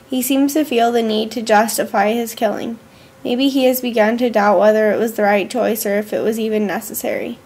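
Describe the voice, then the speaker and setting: A woman, a student, reading her school journal aloud in an earnest, measured way with slow pauses. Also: a little high, darkish tone, breathy edge.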